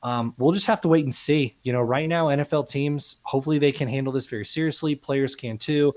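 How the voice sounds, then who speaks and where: A man's voice: medium pitch, fairly quick, darkish tone. A man co-hosting a casual sports podcast, talking in an earnest, conversational way with plenty of fillers. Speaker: podcast co-host.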